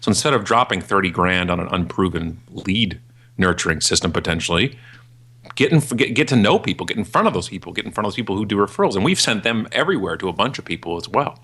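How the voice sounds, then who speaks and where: A man in his forties, a podcast guest and keynote speaker, talking in a ranting, jokey way and acting out other people in a high voice. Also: expressive, fast talker, pushed and bright, slightly rough. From Canada. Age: 40s. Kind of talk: animated podcast interview.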